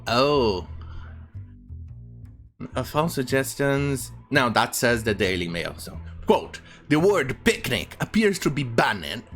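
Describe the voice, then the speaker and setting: Slow, sarcastic ranting woman. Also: rumbling low, a bit bright. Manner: sarcastic and profane, with mocking repetition. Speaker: online commentator. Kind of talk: ranting news commentary.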